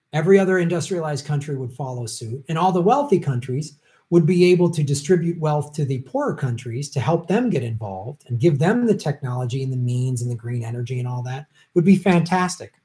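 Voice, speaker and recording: Male livestream host, casual, rambling, fills pauses with ums and little laughs. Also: a little high, animated, mellow. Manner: rambling, many ums, chuckles, jokey asides. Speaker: show host answering viewer questions.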